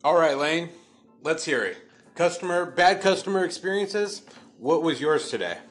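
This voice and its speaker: A man's voice: fairly high pitch, expressive, moderate pace, faint music behind. A man hosting a casual podcast, easygoing and joking, throwing in short reactions. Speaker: podcast host.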